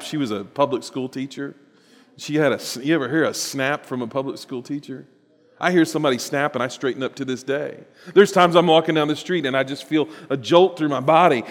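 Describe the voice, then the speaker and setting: A male pastor preaches in a lively, emphatic way, often repeating words as he builds. His voice sits a little high for a man. It carries a long reverb from a large hall. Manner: animated, rising to emphatic bursts, with chuckles and repetitions. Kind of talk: sermon.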